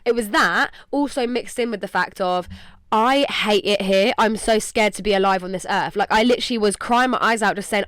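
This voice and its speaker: A woman's voice: on the high side, fairly quick, fairly bright tone, no room sound. A young English woman hosting a podcast, talking candidly and emotionally in a rambling way full of "like". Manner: rambling, emotional, heavy use of "like". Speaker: podcast host. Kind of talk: candid casual podcast talk.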